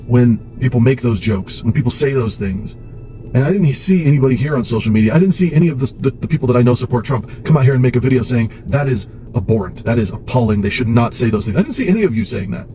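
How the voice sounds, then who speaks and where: A man's voice: medium pitch, expressive, fast talker, warm tone, faint music behind, low-quality recording. Heated man ranting to camera. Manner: heated, emphatic, with many restarts and rhetorical questions. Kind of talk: casual political commentary to camera.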